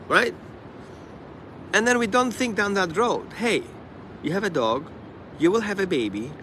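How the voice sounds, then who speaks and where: Animated high-voiced man outdoors. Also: slight background noise. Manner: animated, acts out the dog and owners in quick asides. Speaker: dog trainer. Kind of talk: casual live stream monologue.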